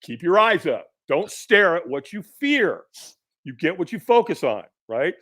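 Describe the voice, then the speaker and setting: Lively middle-aged man telling a story. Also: sits high, a little slow. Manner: animated storyteller who acts out quoted voices. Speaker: podcast guest. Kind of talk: storytelling in a podcast interview.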